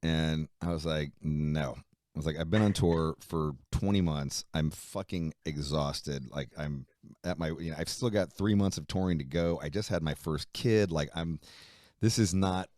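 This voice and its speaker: A man being interviewed, telling a long story in a casual, animated way, swearing freely and acting out the people in it. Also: very deep voice, unhurried, no room sound, clean studio sound. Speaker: musician guest.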